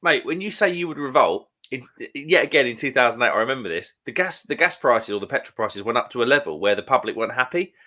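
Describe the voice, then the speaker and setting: A man's voice: medium pitch, animated, fast, few pauses, sharp tone. A man from England with a London accent, in his thirties, hosting a casual live stream chat and telling stories with plenty of laughs. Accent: London English. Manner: chatty storyteller, laughs often.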